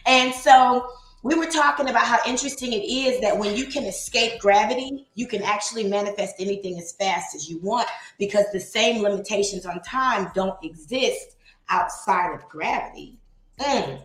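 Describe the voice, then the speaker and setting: A woman talks casually to a livestream audience, laughing often and slowing down to read old poetry with care. Her voice sits at a middling pitch. The recording carries a roomy echo. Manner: chatty, laughs often, reads poetry slowly. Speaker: livestream host reading aloud. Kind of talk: casual livestream reading and chat.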